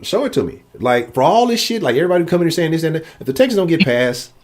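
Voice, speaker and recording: A man hosting a live sports talk show, casual and profane, often jumping up in pitch when he mimics critics. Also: very animated, very fast, darkish tone. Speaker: sports podcast host.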